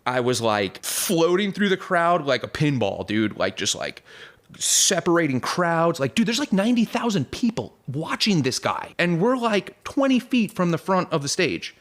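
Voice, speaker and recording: A man's voice: a little high, big pitch swings, normal speed, a bit bright. Young man, casual storyteller, loose slangy rambling, voices the people in his tale. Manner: rambling, full of "like", "dude" and "bro", acts out voices in the story. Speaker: podcast guest.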